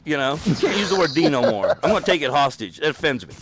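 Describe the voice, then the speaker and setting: Guy rambling thru a story, cussing a lot, voice sits a bit high and jumps all over. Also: big pitch swings, fast, a loud crowd. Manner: profane, rambling storyteller with frequent fillers. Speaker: podcast host. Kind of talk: casual chat.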